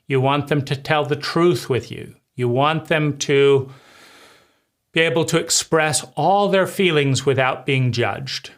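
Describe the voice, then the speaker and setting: A man gives a spoken lesson on conversation skills at an unhurried, measured pace. His voice sits a little high for a man. He circles back over his points and checks in with the listener as he goes. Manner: slow, deliberate, repeats phrases and asks "right?". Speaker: life coach.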